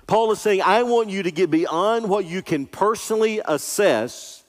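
A male pastor delivers an earnest, emphatic sermon in a slightly higher voice, leaning hard on key words. His words ring out with the long reverb of a large church sanctuary. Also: lively intonation. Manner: earnest, emphatic preaching, slowing on scripture.

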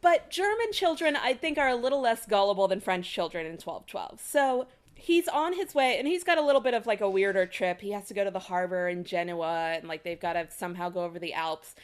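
Lively woman telling a history story. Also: medium pitch, a little fast. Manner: joking, animated storytelling with frequent laughs. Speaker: podcast host telling history. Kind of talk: casual chat.

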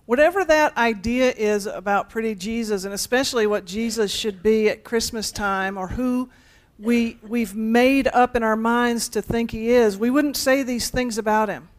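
A woman's voice: a little high, moderate pace, hardly any pauses. Woman pastor giving a conversational sermon with a playful touch. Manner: conversational, playful asides to the congregation.

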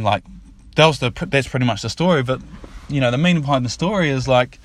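A man tells a fable as a casual, rambling story. His voice sits at an ordinary middle pitch, and he often repeats himself and circles back as he talks. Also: lively intonation, fast, no room sound. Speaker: father telling a story.

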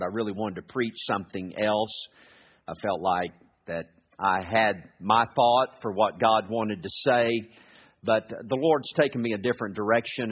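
A man preaching a sermon as a guest speaker, praying and reading scripture in an earnest, halting way that slows for the readings. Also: fairly low pitch, slightly rough. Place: church sanctuary. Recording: echoey hall, dull lo-fi sound.

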